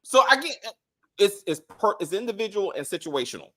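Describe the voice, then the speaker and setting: Lively high-voiced man, bright and animated. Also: a little fast. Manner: animated, exclaiming, acts out quoted lines. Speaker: show co-host reviewing a TV series. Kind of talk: casual review chat.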